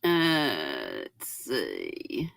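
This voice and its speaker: An older woman, hosting a casual livestream, reading out viewers' comments and greeting them warmly as honey and sweetheart, her voice cracking now and then. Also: a bass voice, huge pitch swings, extremely slow, gravelly, no room sound. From North Carolina. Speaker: livestream host.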